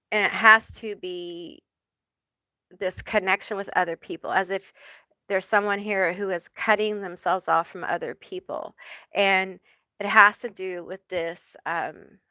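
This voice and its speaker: Slow, emotional woman reading tarot. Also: fairly low pitch, pushed and bright, no echo, clean studio sound. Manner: slow, halting, emotional, many fillers. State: emotional, near tears. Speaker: tarot reader. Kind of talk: live spiritual tarot reading.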